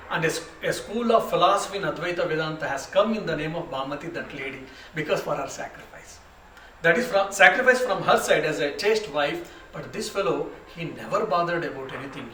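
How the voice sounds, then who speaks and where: A monk leads a spiritual retreat, telling stories in a relaxed, conversational way and slipping into the voices of his characters. His voice sits a little high for a man. It reaches the mic from a distance in a roomy, echoing space with faint room noise. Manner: unhurried, conversational, with frequent restarts and asides. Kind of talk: spiritual lecture with storytelling.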